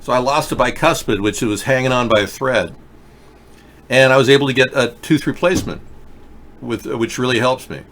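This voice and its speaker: A man's voice: medium pitch, normal speed, a bit bright, slight background noise. A man hosting a live political video chat show, talking emphatically and directly to viewers while wearing a mouth guard. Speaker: political talk show host.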